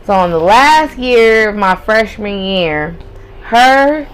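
A woman's voice: mid-range voice, expressive, slow pace, clean tone, poor audio. A young woman hosting a podcast, telling a personal story in a candid, profane way and laughing often. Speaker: podcast host. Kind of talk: casual storytelling.

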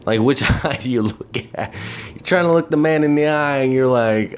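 A man's voice: medium pitch, normal speed, slight background noise. A man telling a profane, exasperated story about his job in a casual rant, acting out the people he quotes. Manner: animated, mimics people in quotes.

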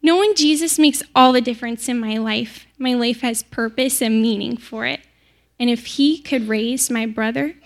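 A woman plays a devoted young disciple telling her story in a heartfelt, chatty dramatic monologue. Her voice is high and bright. The delivery is direct, as if she were speaking to listeners in the room. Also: normal speed, natural voice. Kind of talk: first-person dramatic monologue.

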